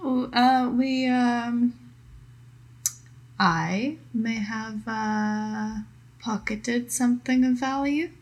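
A woman playing a halting, weary ship's doctor. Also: on the high side, full character voice. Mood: hesitant. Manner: hesitant, halting, apologetic. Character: weary female ship's doctor, rough-edged.

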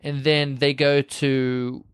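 A man's voice: medium pitch, slow pace, clear, resonant tone, no echo, studio quality. A man, co-hosting a podcast and recapping a movie in a casual, storytelling way. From Southern US. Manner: animated storyteller who slips into quoted voices. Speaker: podcast co-host.

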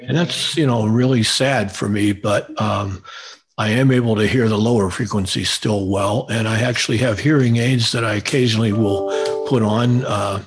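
A man's voice: lowish voice, fairly even intonation, normal speed, faint music behind. An older man answering listener questions as a guest, chatting in a friendly way and chuckling as he explains. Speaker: guest bird recordist. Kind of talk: conversational Q&A.

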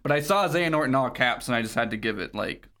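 A man's voice: medium pitch, lively intonation, fast, fairly bright tone. A man co-hosting a podcast in a casual chat, jokey, laughing often and swearing casually. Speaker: podcast co-host. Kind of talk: casual chat recapping a video game.

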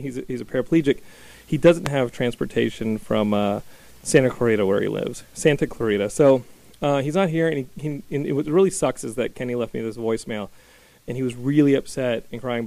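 A man hosting a casual podcast chat in a small studio, energetic and rambling with many fillers. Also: mid-range voice, no echo. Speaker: podcast host. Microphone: studio microphone.

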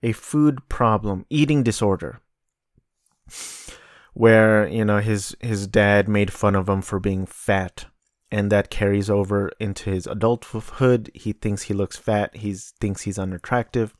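Sardonic man rambling in a low drawl. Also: steady tone, measured pace, no room sound, studio quality. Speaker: podcast host. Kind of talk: casual solo monologue.

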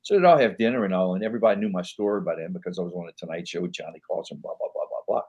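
A male podcast guest rambles through anecdotes in a casual interview, full of fillers and voicing the people he quotes. His voice is low, rapid-fire, darkish and breathy, with lo-fi sound.

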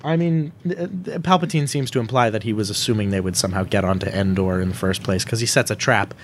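A man's voice: on the low side, fast talker, slight background noise. A man co-hosting a casual podcast, talking animatedly and acting out quotes from movies. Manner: animated, quotes movie lines in silly voices. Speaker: podcast co-host. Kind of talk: casual chat.

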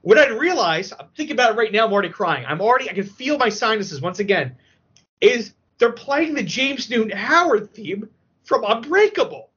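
A man chatting on a podcast, an emotional, excitable storyteller who talks with many fillers. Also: high-pitched, fairly quick, slight background noise. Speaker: podcast guest. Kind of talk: casual podcast chat. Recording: dull lo-fi audio.

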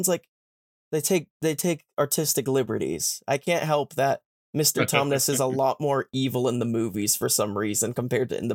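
A man's voice: medium pitch, dry recording. A young man hosts a podcast, retelling a plot in a loose, chatty way. His voice sits in a middle register. The sound is dry and close, with no room around it. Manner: retells the plot with quick put-on character voices. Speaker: podcast host. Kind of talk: casual chat, retelling a story.

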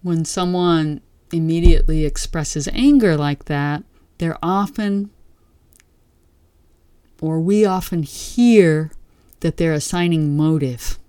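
A woman giving a slow, gentle, reflective teaching talk with long pauses. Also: low voice, clean tone, dry recording, clean studio sound. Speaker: meditation teacher. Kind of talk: dharma talk.

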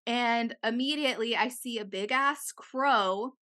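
Young female co-host, bright and slightly high, animated storyteller who swears freely. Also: a little slow. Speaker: podcast co-host. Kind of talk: casual chat.

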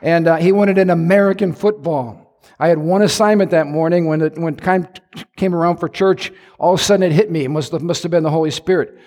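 A man preaching a sermon in a church, telling a story with lively acted-out quotes. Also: fairly high pitch, brisk, big-room sound. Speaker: pastor. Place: church sanctuary.

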